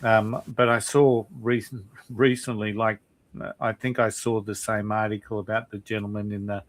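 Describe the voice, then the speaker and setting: A man's voice: fairly low pitch, level tone, moderate pace, dry recording. A man on a podcast in casual chat, playfully grumpy and exasperated. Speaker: podcast guest. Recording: dry close sound.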